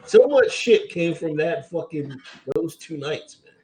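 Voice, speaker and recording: A man in easygoing podcast banter, his voice sitting a bit above the usual male range. His pitch moves in a lively way as he jokes along. He keeps checking in with his co-host as he talks. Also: unhurried, a little hiss or hum. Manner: laid-back, joking, says "you know what I mean" a lot. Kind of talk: casual chat.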